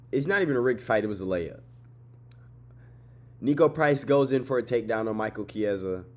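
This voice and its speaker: Tired young guy with a lowish voice, excitable, profane fight recap vlogger. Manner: excitable, swearing, repeats phrases, trash-talks. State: tired, yawning late at night. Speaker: MMA fight recap host. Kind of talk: casual fight breakdown vlog.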